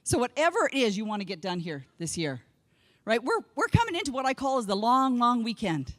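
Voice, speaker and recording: A woman from Canada giving a humorous keynote speech, an animated storyteller who acts out what people said. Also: a little high, fairly quick, long reverb tail. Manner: animated storyteller acting out quotes. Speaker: keynote speaker. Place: large conference hall.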